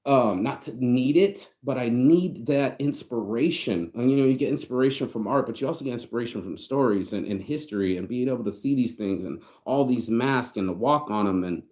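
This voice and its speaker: A man's voice: medium pitch, lively intonation, brisk, hardly any pauses, mellow. A man vlogging in a rambling, profane, heartfelt monologue, close to tears. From United States. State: tearing up. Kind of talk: casual reflective monologue.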